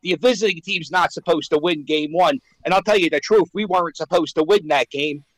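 A man on a call-in, boasting and rambling with fired-up energy. His voice sits high and is heard dry and close. He talks in excited bursts that run into each other. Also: brisk, no echo, poor audio. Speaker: caller. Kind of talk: excited sports chat on the radio.

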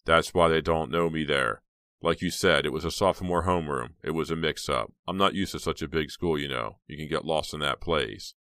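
A man reads a mysterious teenage boy who talks slowly and casually, brushing off questions. The voice stays very low and dry. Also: sharp tone, clear, resonant tone, no room sound, exaggerated voice. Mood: offhand.

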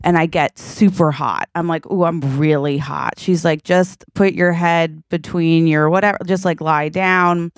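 A woman in her thirties co-hosting a podcast, telling a story in a lively chatty way, acting out her own lines and tossing in "okay?" and "like" a lot. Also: on the low side, measured pace, few pauses, clean tone, no room sound, clean studio sound. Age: 30s. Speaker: podcast co-host. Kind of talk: casual podcast chat.

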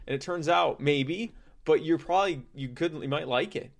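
A man's voice: a little high, normal speed. A man co-hosting a casual comedic podcast, joking and rambling through his points. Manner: joking, rambling, animated asides. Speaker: podcast co-host.

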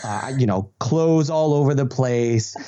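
Relaxed male guest telling stories. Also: medium pitch, a little slow. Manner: relaxed storyteller with frequent ums and restarts. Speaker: guest, webinar presenter. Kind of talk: conversational storytelling interview. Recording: slightly dull lo-fi audio.

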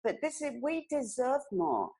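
A woman in her sixties with a British accent touched by an American twang, a guest telling stories in an expressive, laughing way. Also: sits high, measured pace, rough recording. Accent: British, with some American twang. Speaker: guest, hairdressing educator. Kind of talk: conversational storytelling.

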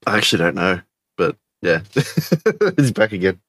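Laid-back deep Australian man. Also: big pitch swings, measured pace, fairly bright tone, dry recording. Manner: laid-back, swears, joking. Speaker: podcast guest. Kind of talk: relaxed podcast chat.

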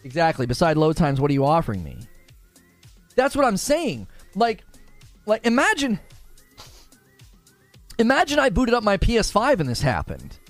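A young man doing casual livestream commentary on games, animated and exasperated. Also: high-pitched, no echo, faint music behind. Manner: animated, exasperated, quick retorts. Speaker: gaming streamer.

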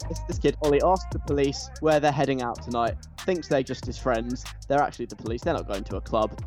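A man talks in a loose, casual way, piling on enthusiasm and tripping over his own restarts. His pitch sits right in the middle for a man. Faint music plays quietly behind him. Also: a little fast. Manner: animated, gushing, with frequent restarts.

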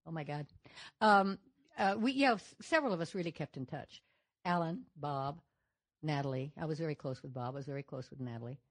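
Chatty older woman, low husky voice. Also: brisk. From Nevada. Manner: chatty, animated storyteller. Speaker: panel guest actress. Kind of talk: audience Q&A chat. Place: event stage with audience.

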